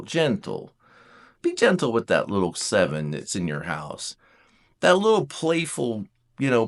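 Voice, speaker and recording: A man speaks with a very lively, swooping delivery as he teaches about personality types. He is casual and self-deprecating, and he often slips into short acted-out quotes. His voice sits a little higher than most men's. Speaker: Enneagram teacher.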